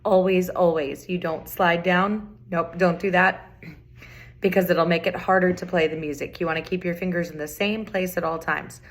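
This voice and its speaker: Patient woman music teacher, lowish voice. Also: fairly even intonation, normal speed. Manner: patient, repeats key points, counts and chants rhythms. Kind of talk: recorder tutorial.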